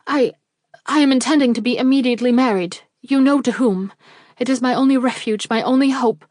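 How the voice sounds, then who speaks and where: A woman's voice: high voice, a little fast, darkish tone, no room sound, studio quality, voice pushed up, close to an everyday voice. A woman voicing a distressed young woman pleading in guilt, with a tremulous voice.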